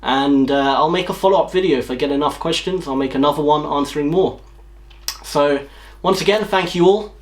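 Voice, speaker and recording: A man's voice: fairly high pitch, fairly quick. A man talking casually in a Q&A vlog, rambling a little with frequent ums and self-corrections. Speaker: YouTube vlogger.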